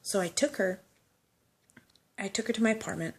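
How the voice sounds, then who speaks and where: A woman's voice: mid-range voice, normal speed, husky. A woman casually telling a personal anecdote, chatty and loose, with swearing and laughing asides. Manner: chatty storytelling, swears, laughs, acts out quotes.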